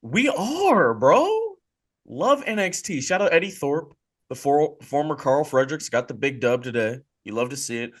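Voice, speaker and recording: A man hosting a wrestling podcast in casual chat, excitable and hyping things up, often dropping into a low mutter. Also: fairly quick. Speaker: podcast host.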